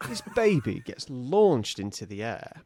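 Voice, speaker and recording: A man's voice: mid-range voice, unhurried, a crowd in the background. A man co-hosting a podcast, spinning a silly improvised story with lots of acted-out voices. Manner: animated, silly, acts out voices. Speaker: podcast co-host.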